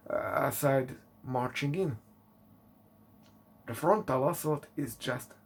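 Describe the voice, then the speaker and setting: A man reviewing a movie in English, often asking exasperated rhetorical questions and filling pauses with fillers. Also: medium pitch, a little hiss or hum. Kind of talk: casual spoken movie review.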